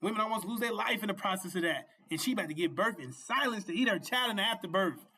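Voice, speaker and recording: A man's voice: sits high, animated, fast talker, husky. A man hosting a show and giving a fervent, informal sermon, repeating himself and often asking his listeners if they see. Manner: fervent, repetitive, often asks "You see?"; laughs and shouts at peaks. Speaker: preacher and show host.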